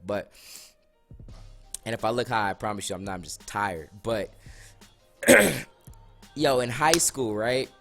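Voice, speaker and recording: A young man tells a story in a loose, slangy style, lively and animated. His voice sounds a little worn, as if he is losing it. Faint music plays behind him. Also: lowish voice. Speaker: vlogger. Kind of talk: casual storytime.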